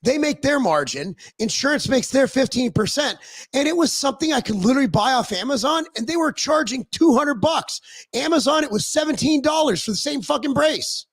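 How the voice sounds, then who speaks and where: A man hosting a casual talk stream, telling profane, animated stories about running his business. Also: very high-pitched, fairly quick, breathy edge. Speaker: podcast co-host; business owner. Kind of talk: casual chat.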